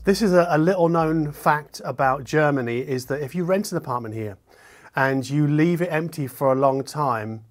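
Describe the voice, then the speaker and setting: A man's voice: fairly high pitch, moderate pace. Chatty man hosting a hi-fi video. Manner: chatty, self-correcting with restarts. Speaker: hi-fi video host. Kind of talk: casual deadpan explainer to camera. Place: room in his apartment.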